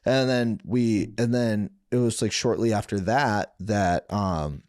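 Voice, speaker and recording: A man's voice: lowish voice, slow pace, a little mellow, no echo, studio quality. A man guest on a podcast telling stories from his youth in a rambling, profane way, full of fillers and restarts. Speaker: podcast guest, former fighter. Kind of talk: casual storytelling interview.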